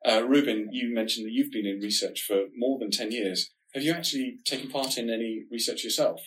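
A man with a nasal voice, co-hosting a podcast and explaining research in a measured, reassuring way. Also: mid-range voice, a bit bright, rough recording. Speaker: diabetes research podcast co-host.

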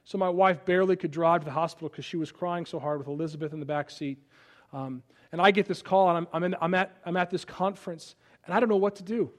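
A man in his thirties preaching a sermon, dropping to a hushed voice in personal stories and rising to loud peaks. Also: high voice, fairly even intonation, fast. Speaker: pastor.

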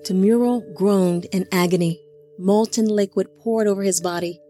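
A woman narrating an audiobook in a steady, measured storytelling voice. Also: medium pitch, soft background music. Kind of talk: scripted narration.

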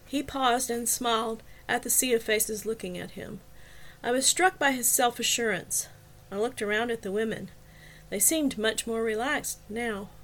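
A woman narrating a first-person novel as an audiobook in a clear, even storytelling manner. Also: on the high side, moderate pace.

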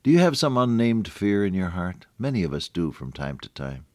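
An older man giving a folksy devotional radio sermon, talking straight to the listener and swinging between hushed lows and emphatic high points. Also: sing-song, normal speed, no echo, clean studio sound. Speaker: radio preacher.

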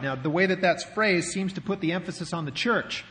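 A man's voice: on the high side, normal speed, few pauses, fairly bright tone. A man preaching a sermon as pastor, in a conversational way with rhetorical questions, in a church sanctuary. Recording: long hall reverb.

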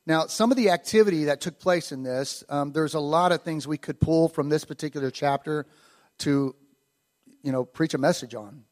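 Male preacher, informal storytelling delivery, a touch high-pitched, acts out the quotes. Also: normal speed, a little mellow. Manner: conversational, acts out quoted lines with rising animation. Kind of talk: casual storytelling sermon.

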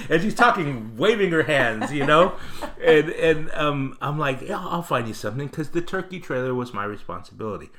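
A man, a comedian, telling an animated, profane story in casual chat and acting out the people in it. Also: mid-range voice, normal speed. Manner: animated, profane, acts out voices in anecdotes.

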